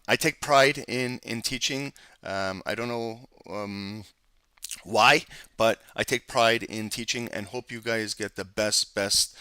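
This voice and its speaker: Chatty man teaching live trading, bright voice. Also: fairly low pitch, clear, resonant tone, no room sound. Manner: casual, talkative, many ums and restarts. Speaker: trading instructor. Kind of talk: live screen-share trading lesson.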